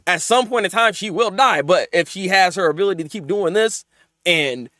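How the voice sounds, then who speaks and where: A man hosting a live manga reaction, talking in casual slang, often laughing and swinging between mumbled asides and loud excited outbursts. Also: sits high, normal speed, no room sound, studio quality.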